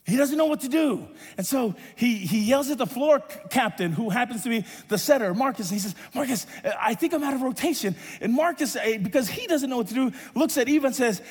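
A man preaching and telling a lively story, acting out the voices of the people in it and rising to shouts at times. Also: very high voice, husky. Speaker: pastor and volleyball coach. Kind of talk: sermon storytelling. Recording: reverberant hall.

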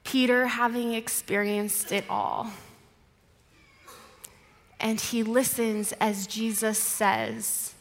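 A woman preacher giving a sermon, retelling a story dramatically, moving between vivid passages and hushed ones. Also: a little high, fairly even intonation, takes it slowly, long pauses, in a large hall.

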